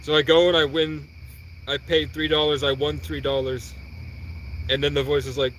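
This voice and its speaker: Slight background noise accompanies a fairly high-pitched young man as he rambles through a personal tale on a livestream. He performs the conversations animatedly, firing off other people's lines in quick succession.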